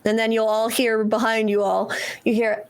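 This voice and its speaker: A woman's voice: on the high side, flat delivery, moderate pace, clean tone. A woman narrating as game master of a tabletop game, laughing often and swearing casually.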